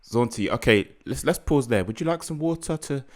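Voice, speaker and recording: A man doing a gently fussing studio engineer. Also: medium pitch, expressive, brisk, pitched above the performer's own voice, close to an everyday voice. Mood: coaxing.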